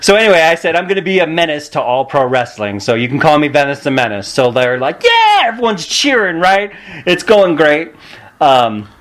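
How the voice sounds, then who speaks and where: A man with a slightly high voice tells stories in an animated way. He acts out other people's voices and laughs often. It is relaxed, casual podcast talk. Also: a little fast. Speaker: guest wrestler. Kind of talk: casual storytelling.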